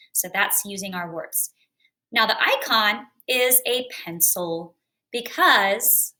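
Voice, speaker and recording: A young woman school counselor gives a lesson to students in a gentle, clear teaching voice. Her voice is bright and sits a little high, and every word comes through cleanly.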